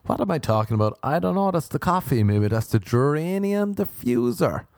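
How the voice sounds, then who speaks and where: A man's voice: on the high side, sing-song, moderate pace, a little mellow, no room sound, studio quality. A young man, hosting a podcast and rambling through comic stories about himself in a self-mocking way. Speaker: comedian podcast host. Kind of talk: casual comedic monologue.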